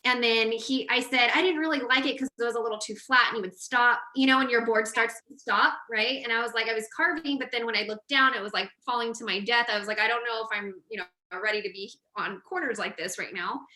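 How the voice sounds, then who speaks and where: Woman host, chatty and animated, slightly high voice, echoey room. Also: fast, few pauses. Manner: animated, laughing storyteller. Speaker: podcast host. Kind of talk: casual chat, storytelling. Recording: roomy echo.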